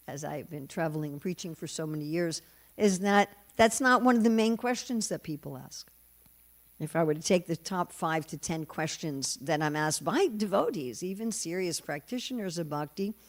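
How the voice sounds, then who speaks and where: A woman's voice: on the low side, lively intonation, moderate pace, darkish tone. An older woman preacher giving a scripture class in a temple, telling stories and acting out the voices of the people in them with humor. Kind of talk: sermon. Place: temple hall.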